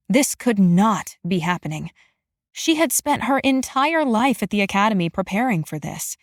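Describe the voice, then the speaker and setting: A woman narrating a fantasy romance audiobook in an even, measured storytelling manner. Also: mid-range voice, no echo, studio quality.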